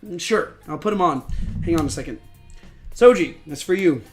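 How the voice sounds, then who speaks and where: Hoarse man doing a calm middle-aged detective dad. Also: a little high, moderate pace, faint music behind, close to an everyday voice.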